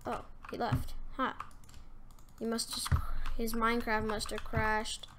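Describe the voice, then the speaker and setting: A woman doing casual, self-mocking commentary over a game, excitable and prone to sudden gasps and yelps. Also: fairly high pitch, measured pace, background noise. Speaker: gaming commentator.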